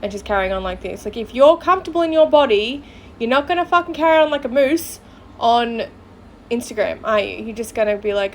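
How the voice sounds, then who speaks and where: A woman's voice: fairly high pitch, lively intonation, fast. A woman hosting a podcast, giving blunt, sarcastic commentary and mocking the people she talks about. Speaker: podcast host. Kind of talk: casual commentary.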